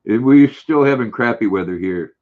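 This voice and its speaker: An older man hosting a casual livestream, reading viewer comments aloud in a relaxed, friendly, chatty way. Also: mid-range voice, normal speed. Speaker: livestream host. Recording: dull lo-fi stream audio.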